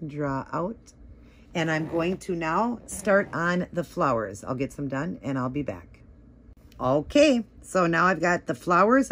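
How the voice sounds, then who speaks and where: A woman with a notably low voice talks through her nail art at home. She rambles casually, full of "like" and "um", explaining each step as she paints. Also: a little hiss or hum. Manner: chatty, rambling, many "like" and "um" fillers. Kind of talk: casual tutorial talk.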